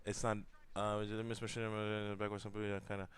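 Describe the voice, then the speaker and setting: A man's voice: fairly low pitch, completely flat delivery, very fast, clean tone. A young man co-hosting a casual gaming talk show, blunt and rambling, with crude jokes. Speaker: podcast co-host.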